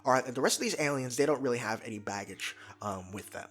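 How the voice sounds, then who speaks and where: A young man giving excited, casual commentary, talking fast and tripping over his words in his eagerness. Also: medium pitch. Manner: energetic, fast, stumbles and restarts when excited. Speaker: YouTube commentator.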